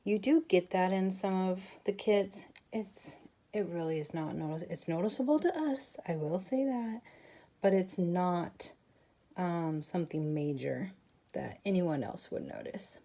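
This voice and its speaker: Chatty woman crafter talking viewers through a project; lowish, warm, slightly gravelly delivery. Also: a little slow. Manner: chatty, talks to viewers while working. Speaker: crafting channel host. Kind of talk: casual craft tutorial narration.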